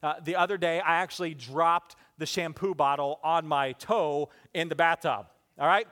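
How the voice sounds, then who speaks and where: A man preaching a sermon to his congregation, swinging from emphatic outbursts down to soft, quiet reflection. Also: normal speed. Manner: animated, rising to emphatic peaks then dropping soft and low. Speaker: pastor. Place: church sanctuary with congregation.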